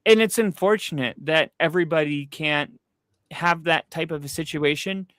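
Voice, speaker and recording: A man's voice: fairly high pitch, normal speed, fairly bright tone, no room sound. A young man hosting a casual sports podcast, telling a story with loose fillers and frequent swearing. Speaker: podcast host. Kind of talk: casual chat.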